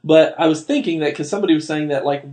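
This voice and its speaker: A man's voice: on the high side, fast, darkish tone. A young man co-hosting a casual podcast, hedging and hesitant as he talks. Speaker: podcast co-host. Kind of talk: casual chat.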